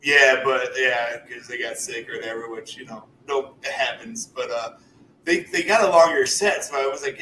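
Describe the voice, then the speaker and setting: A man's voice: medium pitch, moderate pace, pushed and bright. A man hosting a podcast in casual chat, joking and laughing a lot. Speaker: podcast host. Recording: echoey room with faint noise.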